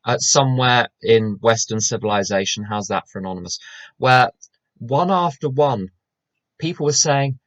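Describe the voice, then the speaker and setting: A man's voice: mid-range voice, moderate pace, fairly bright tone, dry recording. A British man giving a conversational recovery talk, wry and chatty, full of asides and restarts, over slightly dull online call audio. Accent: British English. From England. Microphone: online call microphone.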